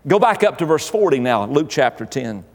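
Preacher, male, high voice, emphatic repetition, reverberant church hall. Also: big pitch swings, moderate pace. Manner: emphatic preaching with repeated phrases. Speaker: pastor. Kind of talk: sermon.

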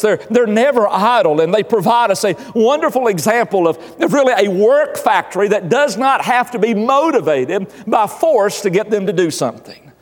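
A man's voice: high voice, in a large hall. A male pastor delivering an earnest sermon in a church, often repeating his phrases. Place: church sanctuary.

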